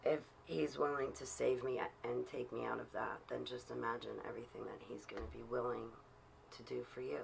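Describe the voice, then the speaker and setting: A woman's voice: rumbling low, little pitch movement, brisk, creaky, a little hiss or hum. A woman talking on her own livestream, preaching in an earnest, rambling way with many fillers. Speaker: livestreaming vlogger.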